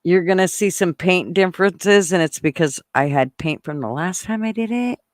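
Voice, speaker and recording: A woman hosting a casual livestream, chatting excitedly and laughing often as she reads viewers' comments. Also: lowish voice, moderate pace, dry recording, studio quality. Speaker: channel host reading live chat.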